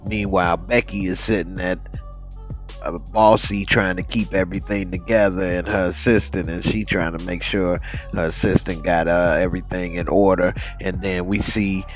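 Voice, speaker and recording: A man's voice: sits low, steady tone, moderate pace, soft background music. A man casually recapping a TV episode in loose, informal speech, briefly mimicking the characters.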